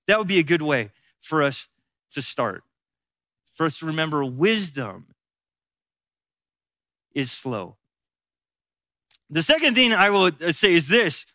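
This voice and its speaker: High, bright-voiced man teaching Scripture. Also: very animated, slow, pauses often, no echo, studio quality. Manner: conversational, repeats key phrases for emphasis. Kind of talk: Bible teaching talk.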